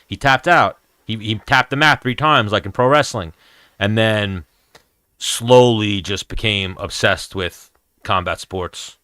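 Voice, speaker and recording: A man's voice: lowish voice, unhurried, pushed and bright, no echo, studio quality. A man, hosting a casual MMA chat stream in a blunt, profane, rambling way. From New York, USA. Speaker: MMA show host answering chat.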